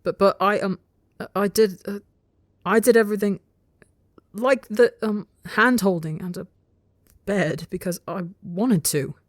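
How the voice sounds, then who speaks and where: A woman's voice: mid-range voice, measured pace, long pauses, dry recording, clean studio sound, voice pushed up, natural voice. A woman voicing a shy, stammering young male insect-like creature who talks hesitantly and flustered.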